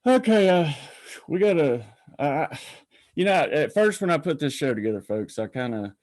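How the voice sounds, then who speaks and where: A man hosts a casual call-in show with a mellow, relaxed tone and an easy, rambling flow. His voice sounds close and dry, with no room echo. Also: on the high side, normal speed. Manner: folksy, rambling, greets viewers by name. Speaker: podcast host. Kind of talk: casual live-stream chat.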